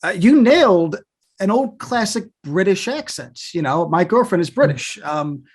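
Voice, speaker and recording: A man's voice: high voice, lively intonation, moderate pace, slightly rough. A man interviewing an actor, asking long, chatty, rambling questions.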